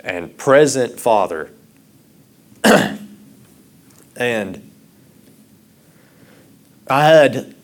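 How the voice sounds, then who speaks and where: A man preaching a sermon, starting out halting and rambling, then growing louder and impassioned. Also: medium pitch.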